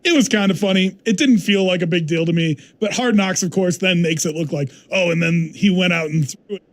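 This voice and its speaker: A young man filling in as a sports talk radio host, telling stories in an animated way, acting out quotes and laughing easily. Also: high voice, fairly quick. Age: young adult. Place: radio studio.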